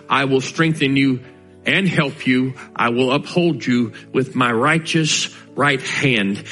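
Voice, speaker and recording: A man preaching a sermon, earnest and conversational, slowing down to stress key lines. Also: mid-range voice, a bit bright, low-quality recording. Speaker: pastor.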